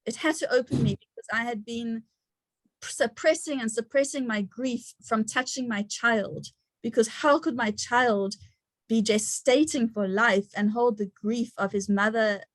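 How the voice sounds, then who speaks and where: Chatty woman, high voice, dry sound. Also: no echo. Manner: chatty, laughs often, many fillers. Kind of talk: casual personal sharing.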